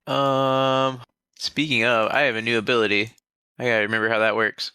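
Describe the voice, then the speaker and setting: A man who is a player in a tabletop game, chatting casually and giving upbeat, quick reactions. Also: mid-range voice, little pitch movement, pushed and bright, clear, resonant tone, no room sound.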